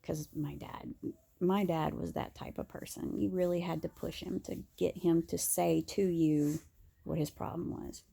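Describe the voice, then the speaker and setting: Woman vlogger, candid rambling chat, husky fry in a darker voice. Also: on the low side, steady tone, a little slow, warm tone. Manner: candid and rambling, with many fillers and restarts. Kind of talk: casual monologue to camera.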